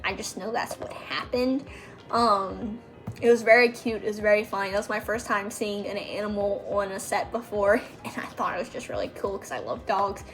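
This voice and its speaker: A woman's voice: mid-range voice, fairly even intonation, normal speed, fairly bright tone, faint music behind. A young woman telling stories about working as a background extra, casual and chatty, full of fillers and quoted voices. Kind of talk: casual storytelling.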